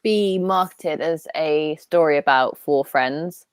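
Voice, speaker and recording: A woman's voice: deep voice, takes it slowly, clean tone, dry recording, studio quality. A young Welsh woman sharing firm, thoughtful opinions in a casual book chat. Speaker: book club co-host.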